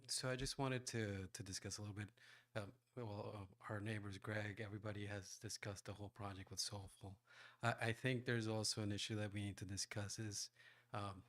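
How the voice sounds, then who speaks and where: A man giving an earnest, measured public comment at a council meeting, pausing now and then. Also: lowish voice, fairly bright tone. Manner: earnest and measured, with some hesitations.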